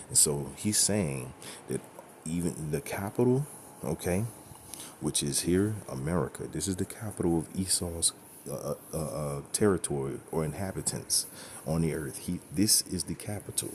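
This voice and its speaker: A man's voice: extremely low pitch, expressive, normal speed, darkish tone, a little hiss or hum. A man teaching scripture in a blunt, profane, emphatic way, often checking in with "okay?" and "right?". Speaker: religious teacher.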